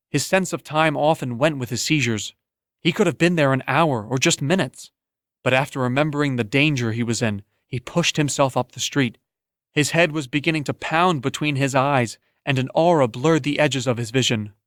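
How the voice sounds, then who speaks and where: A man narrating an audiobook in a steady, even storytelling manner, close to the mic. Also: medium pitch, no echo. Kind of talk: scripted narration.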